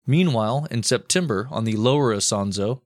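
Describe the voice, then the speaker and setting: A man's voice: medium pitch, animated, brisk, dry recording, studio quality. A man co-hosting a comedy history podcast, narrating events with irreverent, profane asides. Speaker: podcast co-host.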